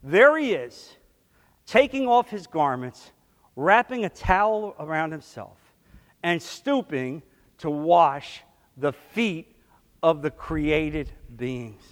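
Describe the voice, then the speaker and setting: A high-pitched man preaching a sermon. He is emphatic, jumping from loud bursts to soft asides. His voice rings with long reverb, as in a big hall. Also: expressive, slow. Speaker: pastor.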